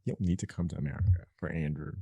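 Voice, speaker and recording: A man's voice: low-pitched, rapid-fire, mellow, husky, no room sound, highs cut off. A man co-hosting a podcast, joking in casual chat. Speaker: podcast co-host.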